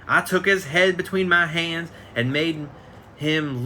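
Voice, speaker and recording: Guy reading a memoir out loud on a phone livestream, really bright sharp voice, keeps tripping over words and fixing them. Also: fairly high pitch, fairly even intonation, a little slow, slight background noise. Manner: reads aloud with frequent slips and self-corrections. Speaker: reader. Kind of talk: casual live reading of a biography. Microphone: phone on a live stream.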